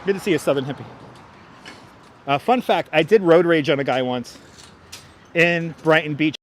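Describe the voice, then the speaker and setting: Street-walk streamer: a talkative man who laughs a lot and has a high voice, on a clip-on mic. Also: moderate pace, a little hiss or hum. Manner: chatty, reads out viewer comments, laughs often. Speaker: livestream host. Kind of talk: casual live-stream chat while walking. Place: outdoors on city streets, walking. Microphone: wireless clip-on mic.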